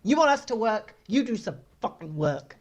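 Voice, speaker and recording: A man's voice: high-pitched, very animated, moderate pace. A man co-hosting a casual podcast, ranting in an emphatic, profane way and driving his points home with a repeated "okay?". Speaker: podcast co-host.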